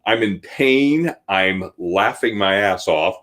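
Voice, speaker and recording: A man in his forties, co-hosting a podcast, telling an animated, laughing personal story in casual chat. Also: on the low side, slow pace. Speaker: podcast co-host.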